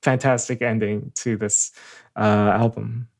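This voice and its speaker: A man's voice: mid-range voice, little pitch movement, measured pace, creaky, darkish tone. A man co-hosting a music podcast, sharing thoughts on a song with hesitant restarts. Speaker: podcast co-host. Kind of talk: casual chat about music.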